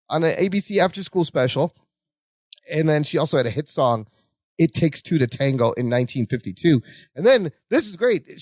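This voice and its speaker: A man's voice: high-pitched, dry recording, studio quality. A man co-hosting a casual rewatch podcast, recapping scenes with playful acted-out quotes and frequent laughs. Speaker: podcast co-host.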